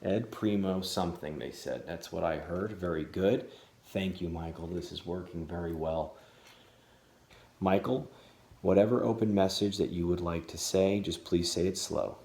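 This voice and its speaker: A man doing paranormal vlog narration, speaking slowly and deliberately and calling out to unseen guides. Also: sits low, darkish tone, a little hiss or hum. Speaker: paranormal investigator. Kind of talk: vlog narration and spirit session. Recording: echoey room.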